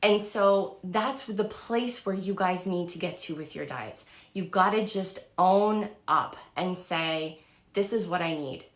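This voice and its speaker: Woman, 30s, chatty vlogger, slightly low voice, echoey room. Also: a little slow. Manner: chatty, lots of fillers, acts out quotes. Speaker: vlogger and diet coach. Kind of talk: casual storytelling to camera.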